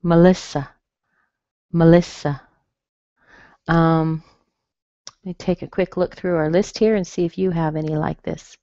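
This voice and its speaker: A woman running an online pronunciation class, taking her time and saying each word twice. Her voice sits a little low and close, with no room around it. The sound is a bit dull, like webinar audio. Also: steady tone, warm tone, dry recording. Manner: slow, careful, repeats words for practice. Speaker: pronunciation teacher. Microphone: computer mic on a webinar.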